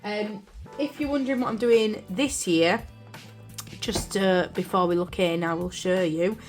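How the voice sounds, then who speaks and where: A woman's voice: mid-range voice, unhurried, soft background music. Chatty British woman vlogging. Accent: British English. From United Kingdom. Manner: chatty and rambling, with frequent fillers and apologies. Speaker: journaling vlogger. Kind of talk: casual chat. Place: craft room indoors. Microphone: camera on a desk stand.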